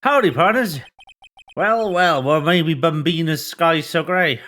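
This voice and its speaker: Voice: mid-range voice, a little slow, a bit bright, soft background music, natural voice. A streamer voicing a laid-back male cowboy detective in a video game, with a put-on Texan drawl and folksy, drawling delivery. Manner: drawling, folksy, says yeehaw. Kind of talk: reading game dialogue aloud on stream.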